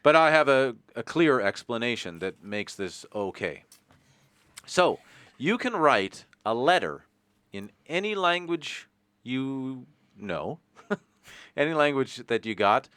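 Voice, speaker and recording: A man's voice: medium pitch, big pitch swings, slow, fairly bright tone, clean tone, no room sound. A Canadian man with a Canadian accent hosting a casual podcast chat, rambling and joking, swearing now and then. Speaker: podcast host.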